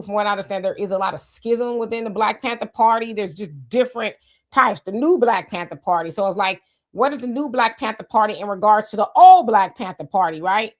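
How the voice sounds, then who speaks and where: A woman hosting a casual live stream, greeting viewers by name, reading their comments aloud and musing on them in a loose, unhurried way. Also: mid-range voice. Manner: loose, musing, often trails off with "I don't know". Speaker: livestream host.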